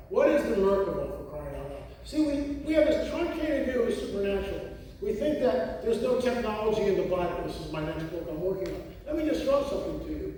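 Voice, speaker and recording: A man giving a talk to a live audience, animated and full of rhetorical questions. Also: sits high, brisk, a little hiss or hum. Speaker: conference speaker. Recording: echoey hall recording from far off.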